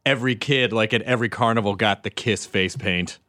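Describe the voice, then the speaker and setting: A man's voice: fairly low pitch, a little fast, no echo, clean studio sound. A man hosting a podcast, chatting casually with a guest, laughing and swearing as he talks. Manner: laughs often, lively swearing banter. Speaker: podcast host. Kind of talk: casual chat.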